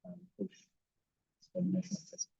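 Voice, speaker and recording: A man's voice: normal speed, dark tone. A man teaching physiotherapy techniques, demonstrating on a partner with short commands mixed with explanations. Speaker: physiotherapy instructor. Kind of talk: hands-on demonstration with verbal cues. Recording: dull, lo-fi sound.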